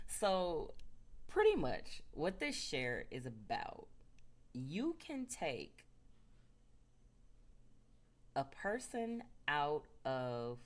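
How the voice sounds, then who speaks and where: Woman, low voice, casual spiritual storyteller, filler-heavy chat. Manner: loose, filler-heavy, chatty. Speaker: spiritual speaker.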